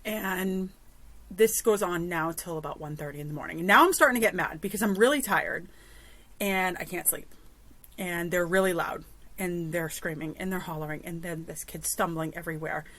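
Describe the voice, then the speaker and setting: A podcast host, a woman in her thirties, telling a story in a chatty, animated way, with exasperated asides. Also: lowish voice, moderate pace, no echo. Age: 30s. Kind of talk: casual storytelling monologue.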